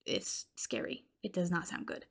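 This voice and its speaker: A woman's voice: moderate pace, fairly bright tone. A young woman hosting a podcast, casually recapping a horror film with lots of fillers and swearing, sometimes dropping to a whisper. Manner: chatty, swears, many fillers like "like"; drops into whispers for tense moments. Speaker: podcast host.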